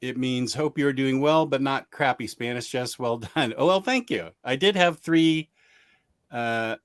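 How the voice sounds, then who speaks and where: A man's voice: medium pitch, a little slow, smooth, no room sound, studio quality. Self-mocking man hosting a chatty livestream. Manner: rambling and self-mocking, laughs mid-sentence. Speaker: livestream host reading viewer comments. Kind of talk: casual chat.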